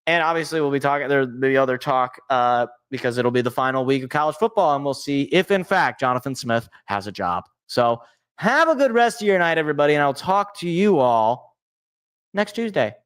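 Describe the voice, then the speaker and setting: On his solo sports show, a young male host chats casually with a medium-pitched, expressive voice that's fairly bright and clean. He talks a little fast and wanders off into self-deprecating jokes.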